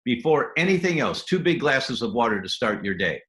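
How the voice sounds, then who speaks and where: His mid-range voice swings widely in pitch as he talks a little fast, fairly bright against reverberant surroundings. Appearing as a guest doctor in an animated interview, he enthusiastically explains health habits in steps and at times acts out brief scenes in quoted voices.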